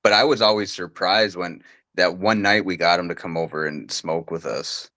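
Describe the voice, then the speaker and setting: A man's voice: low voice, normal speed, sharp tone, no room sound. A young man co-hosting a casual podcast, laid-back and swearing easily. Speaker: podcast co-host. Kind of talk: casual chat.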